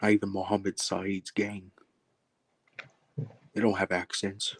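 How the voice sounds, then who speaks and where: A man in casual chat, explaining his own characters in short, halting bursts. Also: low voice, completely flat delivery, no echo.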